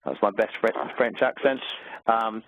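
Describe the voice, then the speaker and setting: Running a maths webinar, an Australian teacher goes through exam questions in a friendly, filler-heavy way, enthusiastic about the subject. His lowish voice has fairly even intonation and a moderate pace. The sound is dry and tinny, like a phone call.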